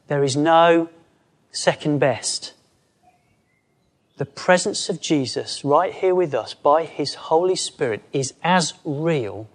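A man preaching a conversational sermon, lively, acting out quoted voices as he goes. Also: fairly high pitch.

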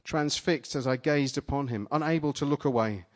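Speaking at medium pitch and a normal speed, this preacher recounts a vision in his own voice to a live church congregation. His sermon opens dramatically, then grows lively and playful as volunteers come up.

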